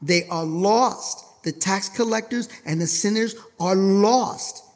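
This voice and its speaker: A male preacher delivering an impassioned sermon. He fires rhetorical questions at the congregation and swings between hushed asides and loud outbursts. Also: high voice, takes it slowly, long reverb tail.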